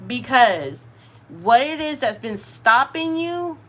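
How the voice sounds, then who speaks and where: A woman with a Southern US accent, hosting a live tarot reading. She talks in an animated, slangy way, straight to her viewers. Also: on the high side, takes it slowly. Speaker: tarot reader, channel host.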